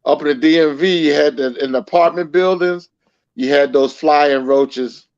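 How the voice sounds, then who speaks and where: A man talking casually as a guest, explaining things in a relaxed way with a few repeats. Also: a little high, moderate pace, muffled recording. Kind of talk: casual chat.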